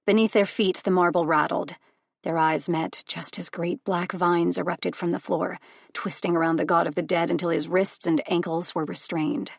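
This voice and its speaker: Woman reading an audiobook, lowish gravelly voice, dry close mic. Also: fairly even intonation, normal speed, dry recording. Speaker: audiobook narrator. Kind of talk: scripted narration.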